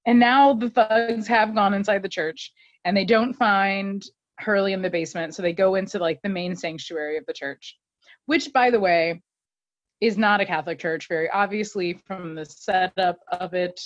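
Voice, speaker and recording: A woman co-hosting a podcast recaps a TV episode in casual, animated chat, laughing and acting out quotes. Her voice is mid-range and her speed normal. The recording is muffled but has no room sound.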